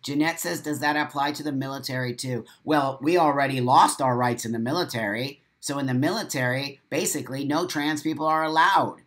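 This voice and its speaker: A man's voice: medium pitch, a little fast, few pauses, a bit bright. A man hosts a casual live stream, reading comments aloud and answering in a blunt, emphatic way. He repeats his points, swears freely and talks straight to his viewers. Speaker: livestream host.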